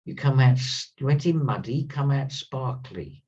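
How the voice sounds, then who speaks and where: A man gives an earnest spiritual talk, leaning on repeated words for emphasis. His voice is husky and mellow. He sits a little back from the mic, and the sound is dull and lo-fi. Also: medium pitch, expressive, moderate pace. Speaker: spiritual teacher. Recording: slightly distant, dull lo-fi sound.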